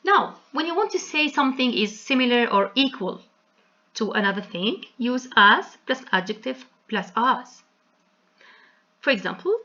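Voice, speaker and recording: A woman teaching an English grammar lesson in a slow, explanatory way, spelling out word endings letter by letter. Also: medium pitch, pushed and bright, muffled recording.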